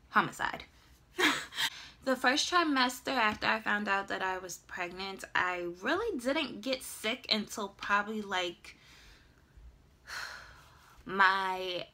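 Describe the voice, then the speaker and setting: A young woman in her twenties telling a dramatic, animated personal story in a casual vlog. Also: mid-range voice. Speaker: vlogger.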